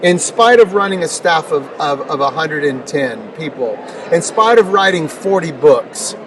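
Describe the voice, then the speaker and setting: In a conversational storytelling interview, a middle-aged man emphatically recounts personal experiences, building rhetorical questions and repeating words. His pitch is fairly high and his intonation lively at a moderate pace, recorded from a distance with noticeable noise.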